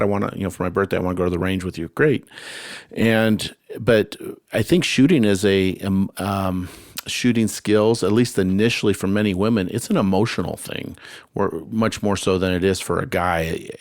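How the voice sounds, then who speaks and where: A deep-voiced man hosting a relaxed conversation. He rambles, restarts his sentences and leans on fillers. The sound is dry and close, with no room around it. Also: no echo. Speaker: host. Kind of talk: casual conversation.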